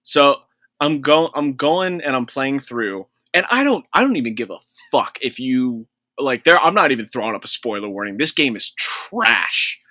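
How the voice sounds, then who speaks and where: A man's voice: medium pitch, sing-song, moderate pace, bright, forceful tone, no room sound. A man co-hosting a casual gaming podcast, ranting in an exasperated, profane way. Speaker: podcast co-host.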